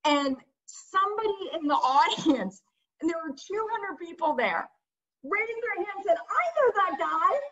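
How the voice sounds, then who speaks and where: A woman's voice: extremely high pitch, expressive, a little slow, fairly bright tone. A middle-aged woman giving a casual, candid art lecture over a video call, laughing at her own stories. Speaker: visiting artist lecturer. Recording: muffled video call audio.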